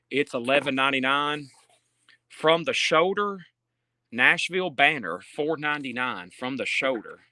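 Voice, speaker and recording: In a dry recording, a man with a sharp, mid-range voice is out of breath as he runs a live book sale from an indoor store. Phone in hand, he lists titles and prices in easygoing patter sprinkled with chatty remarks.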